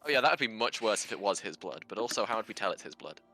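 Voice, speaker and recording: A man player in a casual tabletop game, talking fast and asking question after question. His voice is lowish and bright with some edge to it, and faint music sits underneath. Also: very animated.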